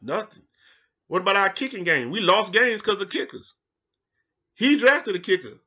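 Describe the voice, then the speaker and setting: A man hosting a sports show in a casual rant, heated and profane, swinging from low mutters to loud outbursts. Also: sing-song, normal speed, muffled recording.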